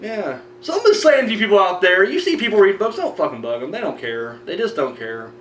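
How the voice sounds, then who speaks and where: Fast-talking and high-pitched, a man with big pitch swings and a bit of brightness hosts a horror movie review show, chatting and ranting in a rambling, profane way. He restarts often, over a distant, roomy mic with a faint hum and faint music behind.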